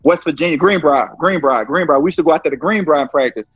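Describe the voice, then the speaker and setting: A man's voice: a little high, fast, fairly bright tone, slightly rough, dry recording. A man telling a story in casual, emphatic talk full of profane slang and restarts. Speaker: guest. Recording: slightly dull lo-fi sound.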